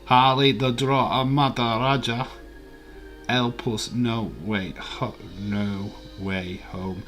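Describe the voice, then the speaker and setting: A man's voice: medium pitch, fairly even intonation, slow pace, a bit bright, dull audio, soft background music. A man in his forties hosts a live watch-along stream. He chats casually, reads viewer comments aloud and rambles with filler words.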